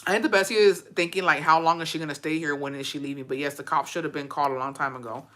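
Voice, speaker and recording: Bright-voiced woman ranting, outraged. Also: deep voice, steady tone. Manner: profane, outraged, fast-shifting rant. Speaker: commentator reacting to a story. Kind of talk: heated reaction commentary.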